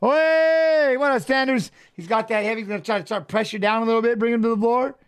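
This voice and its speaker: Middle-aged guy w a high voice riffing thru a fight live, yelling tips at the fighters. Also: racing. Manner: chatty, coaching fighters aloud, excited calls. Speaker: watch-along host. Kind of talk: casual live fight commentary.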